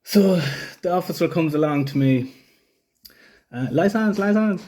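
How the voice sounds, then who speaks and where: A man's voice: on the high side, unhurried, warm tone. A young man telling a story casually, rambling, swearing freely and acting out other people's lines. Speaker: vlogger.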